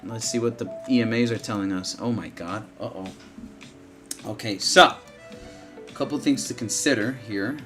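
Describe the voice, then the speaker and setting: A man's voice: on the low side, moderate pace, long pauses, fairly bright tone. Tired guy on a trading livestream, swears a lot, repeats stuff, faint music behind. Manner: blunt, swears freely, repeats himself. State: tired, sleepless and yawning. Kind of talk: casual live market commentary.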